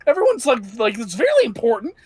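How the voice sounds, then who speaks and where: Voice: mid-range voice, wildly swooping pitch, quick pace, darkish tone, husky, no room sound, voice pushed up. A game master voicing a nervous young man in his twenties who rambles and stammers with anxious energy. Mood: rambling.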